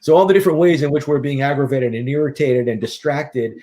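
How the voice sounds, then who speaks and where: A man's voice: medium pitch, fast. A middle-aged man speaking as an interview guest, in a mid-range voice. He talks casually and animatedly, building his anecdotes with energy. His style is that of a practiced stage performer chatting on a show. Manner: lively, animated storyteller who acts out quotes. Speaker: interview guest, author and hypnotist.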